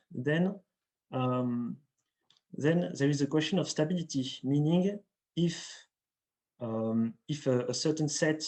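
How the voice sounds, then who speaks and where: A young man from France giving an academic lecture at a math seminar over a video call. He talks carefully and haltingly, often restarting his sentences. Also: on the high side, a little mellow, rough recording. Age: young adult. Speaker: invited speaker at a math seminar.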